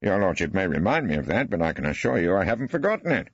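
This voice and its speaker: An actor playing an elderly barrister in an audiobook, questioning with arch, ironic politeness. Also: male voice, low-pitched, big pitch swings, quick pace, husky, dry recording, voice pushed up, full character voice. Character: wry elderly male barrister, mock-polite. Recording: dry, slightly dull studio.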